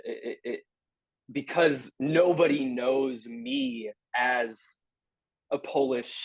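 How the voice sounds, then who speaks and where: A young adult man, a stage actor being interviewed, answering in a halting, earnest way as he searches for his words. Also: medium pitch, no room sound, low-quality recording.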